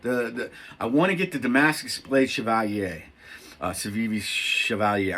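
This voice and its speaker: A middle-aged man talking casually to camera as a knife reviewer, rambling and excitable, poking fun at himself. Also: on the low side, normal speed, slight background noise. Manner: rambling, excitable, self-mocking.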